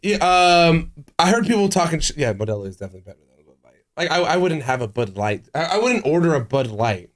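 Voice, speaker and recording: A man's voice: a little high, big pitch swings, fast. A young adult man from California, co-hosting a podcast, joking, laughing and chiming in often. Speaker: podcast co-host. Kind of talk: casual podcast banter.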